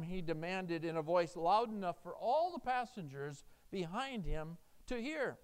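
A man's voice: fairly high pitch, expressive, normal speed, hardly any pauses, clean tone. A man preaching a sermon as pastor, earnest and emphatic, telling stories with animation.

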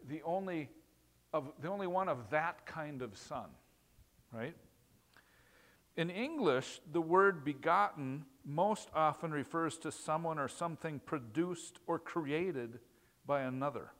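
A man giving a teaching sermon in a slightly higher voice. He talks in a plain, conversational way, asks his listeners questions and doubles back on phrases for emphasis. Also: unhurried, fairly bright tone. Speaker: pastor.

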